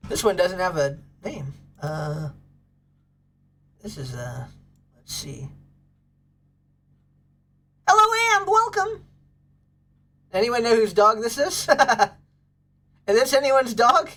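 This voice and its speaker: Woman livestream host, casual and bubbly, with a very lively pitch. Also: takes it slowly, long pauses. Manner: bubbly, gushes over pets and thanks chat.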